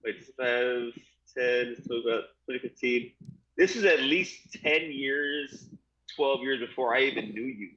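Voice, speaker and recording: A man cohosting a casual podcast, trading quick jokes and banter. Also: mid-range voice, sharp tone, muffled recording. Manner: joking banter, quick quips. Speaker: podcast co-host. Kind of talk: casual chat.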